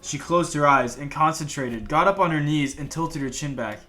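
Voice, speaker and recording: A man's voice: a little high, moderate pace, pushed and bright, soft background music. A young man co-hosting a gaming video, reading a story aloud and cracking up in disbelief. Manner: laughing, incredulous reading. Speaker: let's play co-host.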